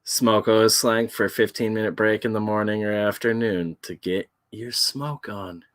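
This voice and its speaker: A man co-hosting a casual late-night chat, drunk and high, who keeps breaking into giggles while he talks. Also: fairly even intonation, moderate pace, dry recording, clean studio sound. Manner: giggly, laughing through his words. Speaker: podcast co-host.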